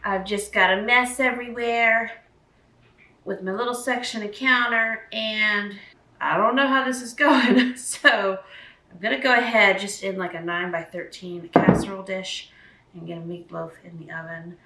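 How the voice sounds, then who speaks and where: A woman's voice: mid-range voice, steady tone, normal speed, sharp tone, roomy sound, far from the mic, rough recording. A woman vlogger chatting casually and thinking aloud as she cooks, out of breath from the work. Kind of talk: casual cooking vlog chat. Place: home kitchen.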